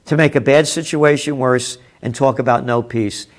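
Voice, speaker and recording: A man's voice: mid-range voice, measured pace. Sarcastic man ranting over headlines. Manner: sarcastic, profane, grows heated and loud. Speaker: host. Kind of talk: reading and ranting about news headlines.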